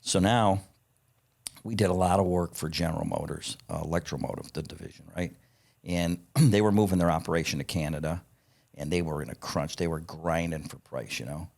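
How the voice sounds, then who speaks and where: Man, 50s, very low voice, salty raconteur who chuckles as he tells stories. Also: fairly quick, creaky, a little mellow. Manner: profane, blunt, acts out quoted dialogue; chuckles between lines. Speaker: podcast guest, parts company founder. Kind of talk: casual anecdotal storytelling.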